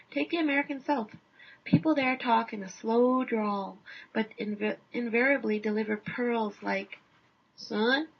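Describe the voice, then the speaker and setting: Husky woman reading a wry essay. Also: fairly high pitch. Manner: dry, wry understatement. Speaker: essay reader. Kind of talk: scripted first-person essay narration. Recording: dull lo-fi recording.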